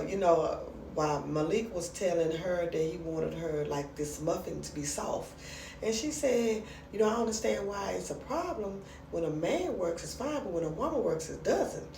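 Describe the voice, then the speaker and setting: A woman chatting casually as she recaps a comedy skit, acting out the lines in lively voices. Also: lowish voice, far from the mic, slight background noise. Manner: chatty, retells scenes with animated quoted voices. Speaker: reaction commentator. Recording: roomy sound from off the mic.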